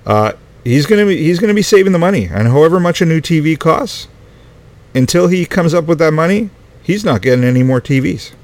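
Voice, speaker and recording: A man's voice: on the high side, lively intonation, fairly quick, darkish tone. A middle-aged man telling a family story in a rambling, casual way, swearing often and sounding exasperated.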